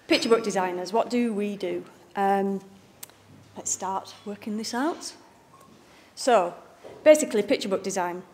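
A woman's voice: a little high, unhurried, a little mellow, slight background noise. A woman with a Northern English accent, a picture book art director giving a chatty, jokey talk to a live audience. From Bradford, northern England. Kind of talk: informal public lecture. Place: library event room with a live audience.

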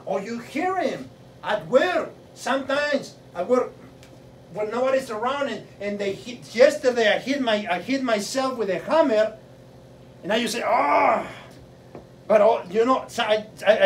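A man preaching a sermon with fervor, repeating a rhetorical question and building up to shouting. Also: high-pitched. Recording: roomy echo, mic at a distance, faint noise.

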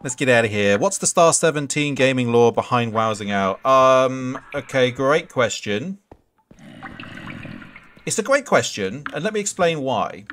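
While streaming a game live, a man chats casually, swears freely and rambles through answers to viewer questions. His medium-pitched voice is expressive and a bit bright, with a measured pace and a little hiss or hum.

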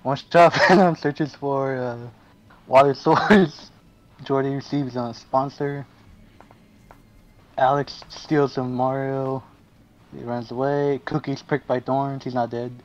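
Excitable young man reading game results. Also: mid-range voice, slow, lo-fi sound. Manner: excitable, laughing, swearing, shouting in surprise. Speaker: gaming video host. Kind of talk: reading out game events with a group.

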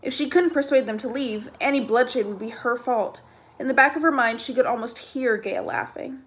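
A woman reads a novel aloud in a plain, steady narration, now and then stepping aside to comment casually. Her voice sits slightly higher than most. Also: moderate pace. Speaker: reader.

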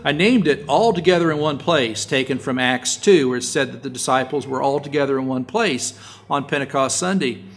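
Folksy man preaching a sermon. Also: a little fast. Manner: folksy, storytelling, rises loud and high when stressing points. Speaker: pastor.

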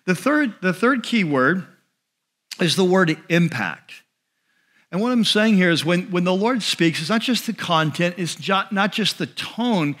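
A male pastor giving a sermon in a conversational way, slowing and dropping his voice on key phrases. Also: sits high, a bit bright. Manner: conversational preaching with restarts and asides.

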